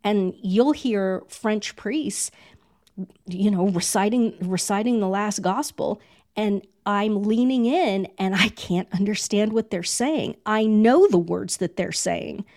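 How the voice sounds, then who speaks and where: Gravelly-voiced woman hosting a podcast. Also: medium pitch, takes it slowly, darkish tone. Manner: emphatic, repeats phrases for effect. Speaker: podcast host. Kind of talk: casual podcast conversation.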